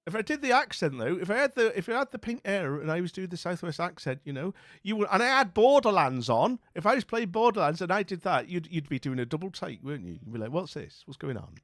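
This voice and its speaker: A man's voice: high-pitched, big pitch swings, fast talker, few pauses, fairly bright tone, no echo, clean studio sound. Chatty rambling male streamer. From northern England. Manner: rambling and chatty, full of "you know what I mean". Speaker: live streamer. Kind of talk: casual live-stream chat while gaming.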